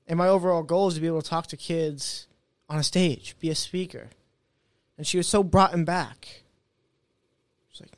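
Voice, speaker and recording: A man's voice: on the high side, brisk, dry recording. A young man guest in a casual interview, telling his story with energy and acting out the voices of people he quotes. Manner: animated, acts out quoted voices.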